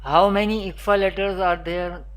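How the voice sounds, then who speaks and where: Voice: mid-range voice, fairly even intonation, normal speed. A Quran teacher giving a beginner recitation lesson, naming letters one at a time and repeating spelling drills. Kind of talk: recorded beginner pronunciation lesson.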